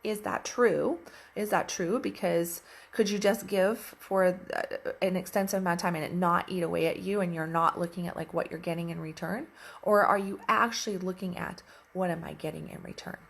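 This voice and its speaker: Woman coach talking, husky voice with some fry, animated storytelling, repeats herself for emphasis. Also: fairly low pitch, normal speed. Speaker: relationship coach. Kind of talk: casual coaching talk.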